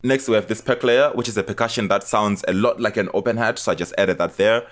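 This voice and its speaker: Low-voiced man explaining beat production. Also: quick pace. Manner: relaxed step-by-step explaining, often trailing off before playing sounds. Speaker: music producer. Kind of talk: screen-recorded music production tutorial. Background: music playing between lines.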